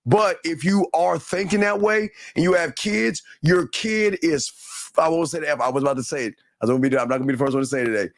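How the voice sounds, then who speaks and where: A man's voice: fairly high pitch, fast, no room sound. Ranting man in a dry, close sound. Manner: ranting, repetitive, blunt and profane. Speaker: host. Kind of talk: heated reaction commentary.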